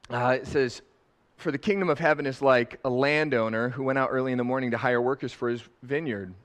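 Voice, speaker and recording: A middle-aged man preaching a sermon, lively and laughing, rising loud and dropping soft. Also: mid-range voice. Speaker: pastor. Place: church sanctuary.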